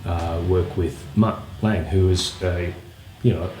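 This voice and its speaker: A man, a guitarist telling anecdotes in a relaxed, casual way with plenty of fillers. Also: low voice, slow, a little hiss or hum. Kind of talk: casual interview storytelling. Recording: roomy echo, faint music.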